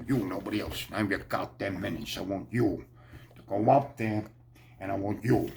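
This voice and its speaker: A man's voice: mid-range voice, vocal fry, a little hiss or hum. Guy doing an impression of a scary butcher gang boss, growly, cussing, threatening. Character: menacing gang-boss butcher, gruff adult man. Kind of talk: movie-villain impression.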